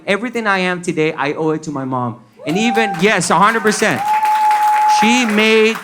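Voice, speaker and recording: Bilingual comedian with a Colombian accent. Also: male voice, high-pitched, sharp tone. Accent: Colombian Spanish. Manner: switches between English and Spanish, acts out family voices. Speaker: stand-up comedian. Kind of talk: stand-up comedy set. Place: comedy stage before a live audience. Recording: live stage set with audible crowd noise. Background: audience laughter.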